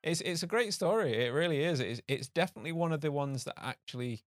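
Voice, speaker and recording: A man's voice: fairly high pitch, animated, fast, no room sound, clean studio sound. Chatty man reacting with laughs. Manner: reactive, swears and laughs, trips over words. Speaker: podcast co-host. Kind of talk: casual chat.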